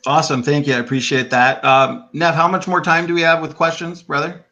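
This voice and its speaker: A man's voice: a little high, flat delivery, a little fast, sharp tone, dull audio. A man moderating a debate, reading out audience questions in a casual, hesitant way.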